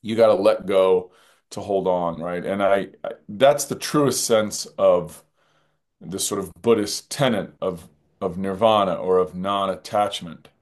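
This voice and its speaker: A man with a fairly low voice speaks as a guest in a reflective interview. His delivery is earnest and musing, and he circles back to repeat key phrases. He often restarts sentences as he talks. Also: a little slow. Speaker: film director, interview guest.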